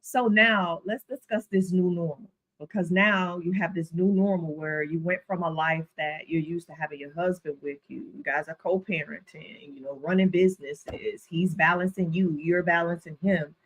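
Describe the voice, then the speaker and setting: A woman's voice: fairly low pitch, fairly even intonation, normal speed, hardly any pauses, low-quality recording. A woman hosting a podcast interview who asks long, supportive, reflective questions. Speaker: podcast host. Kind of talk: interview conversation.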